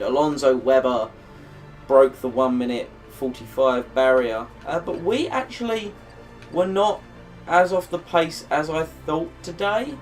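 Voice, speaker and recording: A tired man talks through the results of a long racing game session, rambling and thinking aloud between fillers. His voice sits at an ordinary middle pitch. Faint music plays underneath. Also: far from the mic. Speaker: gaming channel host. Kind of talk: racing game career commentary.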